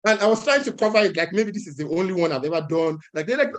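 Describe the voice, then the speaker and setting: Young man telling an animated story. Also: high voice, quick pace. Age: young adult. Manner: animated, chuckling, acts out other people's lines. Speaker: speaker at an entrepreneurs' event. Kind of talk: personal storytelling talk.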